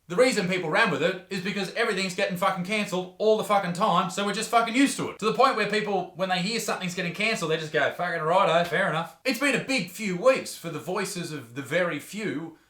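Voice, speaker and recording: A sarcastic Australian man rants and swears his way through a comedy monologue. His voice sits a little high and rings sharp and forceful. The recording carries noticeable room echo, with faint music underneath. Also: fast, hardly any pauses. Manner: crude, profane, sarcastic ranting. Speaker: comedian host. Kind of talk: comedic rant commentary.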